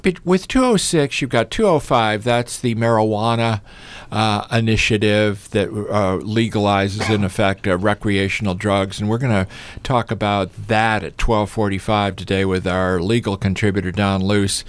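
A man hosting a live radio talk show from a studio, chatting in a relaxed, folksy way. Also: lowish voice, moderate pace, no echo.

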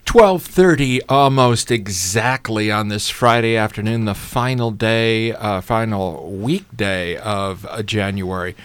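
Deep, smooth radio host. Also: male voice, slow pace, hardly any pauses, no room sound. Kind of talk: radio talk show hosting.

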